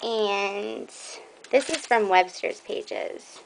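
Chatty excited woman showing off craft supplies. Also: medium pitch, very slow, creaky, noisy background. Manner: chatty, excitable, rambling with many ums. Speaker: scrapbooking vlogger. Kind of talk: casual show-and-tell haul video.

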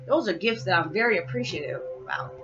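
A woman's voice: mid-range voice, animated, fast. A young woman vlogging heartfelt spiritual encouragement to her viewers, hyper and rambling, close to tears at times. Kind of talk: heartfelt motivational talk to viewers. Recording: slightly dull lo-fi sound with faint background music.

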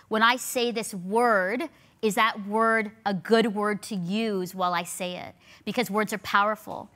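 Woman host in her 40s, bright, ringing tone, animated on-stage chat. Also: medium pitch, unhurried. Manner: animated, emphatic repetition. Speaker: show host. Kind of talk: casual on-stage conversation. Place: studio stage with live audience.

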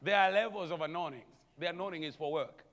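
A man preaching a sermon as pastor, animated, calling out to the congregation and chuckling between points. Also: on the high side, quick pace, in a large hall. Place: church sanctuary.

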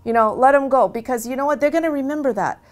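A woman speaking in a long interview, talking earnestly about her own experience in a lively, conversational way and often restarting her phrases. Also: fast. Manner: earnest and animated, with lively swings in pitch. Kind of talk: long-form interview, casual personal talk.

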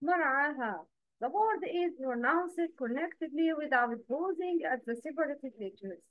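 High-pitched woman teacher, slow and patient, asks you to repeat after her, dull dry lo-fi sound. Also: expressive, no echo. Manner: counts and quizzes listeners directly. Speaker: Quran recitation teacher.

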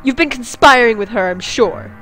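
A woman voicing an upset fifteen-year-old princess who shouts and complains. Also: fairly high pitch, lively intonation, moderate pace, soft background music. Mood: angry shouting. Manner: shouting, whiny. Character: upset teenage princess, moody and tearful.

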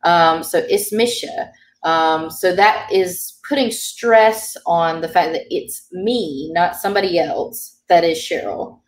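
Low-voiced woman teaching from afar. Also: slow. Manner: patient, explanatory, frequent ums. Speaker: Irish language teacher. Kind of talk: explaining grammar in an online class. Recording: roomy sound from a distant mic.

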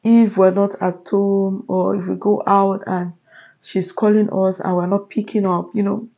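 A woman hosting a reaction video, talking quickly and emotionally in casual commentary. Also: mid-range voice, level tone, creaky, dark tone, highs cut off.

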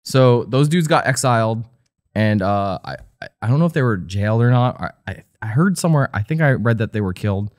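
A man's voice: medium pitch, expressive, fairly quick, dry recording, clean studio sound. A man co-hosting a podcast, recounting researched notes in casual chat, laid-back and hesitant with many fillers. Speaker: podcast co-host.

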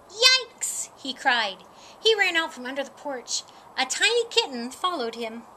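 A woman reading a children's picture book aloud in a slow, expressive, sing-song way. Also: on the high side, a little hiss or hum. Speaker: storybook reader.

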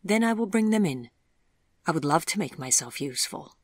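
Narrator doing charming Sheffield charmer Chip. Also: male voice, on the high side, lively intonation, normal speed, dry recording, clean studio sound. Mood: cheerful. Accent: Sheffield English. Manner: cheerful, teasing, polite. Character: charming, eager young man, playful talker.

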